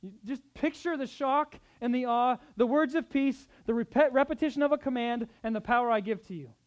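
Preacher swinging from hushed to loud. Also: male voice, very high-pitched, a little fast, highs cut off. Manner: swings between hushed tenderness and loud urgent exhortation; acts out quoted speech in conversational asides. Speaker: pastor. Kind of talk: sermon.

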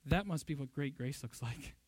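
A man's voice: mid-range voice, lively intonation, normal speed, dry recording. A pastor preaching a sermon, emphatic and fond of rhetorical questions, a father of young children. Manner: emphatic, rhetorical questions, loud bursts when quoting.

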